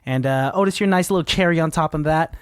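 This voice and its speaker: A man's voice: fairly high pitch, fast, smooth, no room sound, clean studio sound. A young man co-hosting a podcast, chatting casually and swearing, with a laid-back manner. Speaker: podcast co-host. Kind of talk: casual chat.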